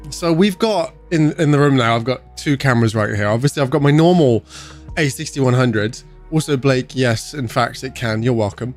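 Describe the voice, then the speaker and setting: A man's voice: medium pitch, normal speed, soft background music. A young British man streaming from his bedroom, greeting viewers by name and chatting in an upbeat, casual way. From United Kingdom. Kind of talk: casual livestream chat.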